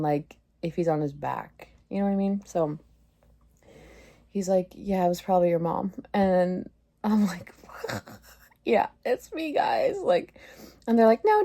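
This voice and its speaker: A woman in her thirties with a fairly low, darkish voice rambles through a casual confessional vlog. She leans heavily on "like" and laughs at herself when she gets embarrassed.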